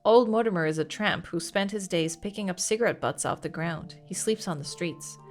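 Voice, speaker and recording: A woman's voice: fairly low pitch, brisk, soft background music, lightly acted. A woman voicing a hostile, dismissive English working-class man in a video game, with a put-on English accent. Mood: storytelling.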